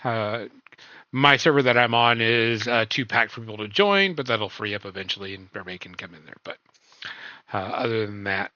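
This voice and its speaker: A man's voice: on the low side, expressive, brisk, pushed and bright, no room sound, lo-fi sound. A man hosting a casual stream chat, loose and rambling, full of ums and uhs. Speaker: podcast host.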